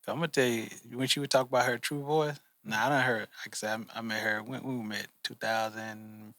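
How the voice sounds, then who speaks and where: Male podcast co-host, bright tone, slangy storyteller. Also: mid-range voice, fairly even intonation, brisk. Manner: loose slangy storytelling, says "bro" a lot. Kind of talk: casual chat.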